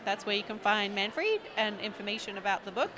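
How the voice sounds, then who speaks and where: A woman's voice: medium pitch, expressive, fairly quick, sharp tone. A woman guest on a podcast, chatting playfully and laughing with the group. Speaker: guest comic artist. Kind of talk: casual chat.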